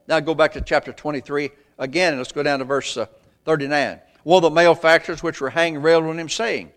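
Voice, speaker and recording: A man delivering a sermon in a voice pitched somewhat high for a man. He reads scripture in old-fashioned wording, swelling loud and slow for emphasis, then sinking to a low, soft hush. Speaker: preacher.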